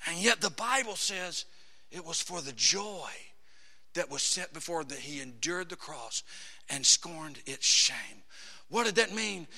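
A man preaching a sermon. He swings from hushed, low passages to shouted, drawn-out climaxes. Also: very animated, creaky. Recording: long hall reverb.

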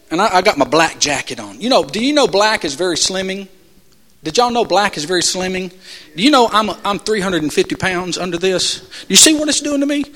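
A man preaching a sermon in church, calling out questions to the congregation and swinging between shouts and soft asides. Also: high-pitched. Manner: call-and-response, rhetorical questions to the congregation. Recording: long church hall reverb.

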